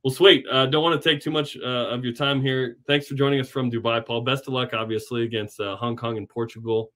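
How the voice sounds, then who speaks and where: A man's voice: medium pitch, fairly quick. A man hosting a sports podcast, chatting casually and joking with plenty of fillers. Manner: relaxed, joking, frequent fillers. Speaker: podcast host.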